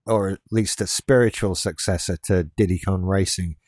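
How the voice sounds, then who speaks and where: A man in his late thirties co-hosts a podcast with a low, darkish voice, keeping a steady tone at normal speed. His casual talk rambles in a laid-back way, with restarts and wry asides. It's studio quality, with no echo.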